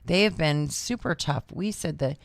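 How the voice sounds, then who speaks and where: Low gravelly woman co-host. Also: normal speed, no echo, studio quality. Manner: chatty, blunt, lots of fillers. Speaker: radio co-host. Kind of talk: casual morning show banter. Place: studio.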